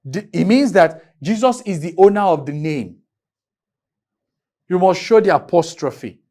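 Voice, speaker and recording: A man's voice: sits high, animated, darkish tone. A man from Nigeria teaching an English grammar lesson in a classroom, writing on a board, drawing out key words and firing questions at his students. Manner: drawn-out, emphatic teaching with repeated questions to students.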